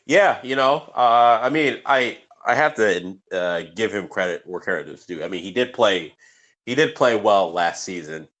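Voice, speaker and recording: A man's voice: lowish voice, lively intonation, moderate pace, fairly bright tone. A man co-hosting a sports podcast, talking casually and rambling with many fillers and restarts. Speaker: podcast co-host.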